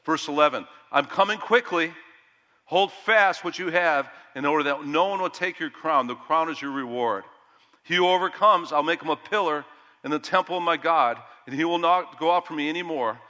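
Middle-aged male pastor, bright and forceful delivery, long hall reverb, loud-to-hushed swings. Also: a little high, moderate pace, lo-fi sound. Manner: animated preaching that rises loud and drops to hushed. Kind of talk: sermon.

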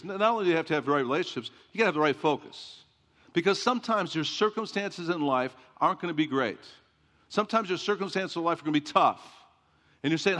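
A pastor giving an emphatic sermon, repeating refrains and asking the congregation questions. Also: male voice, on the high side, lively intonation, brisk, a bit bright. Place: church sanctuary. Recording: long reverb of a church hall.

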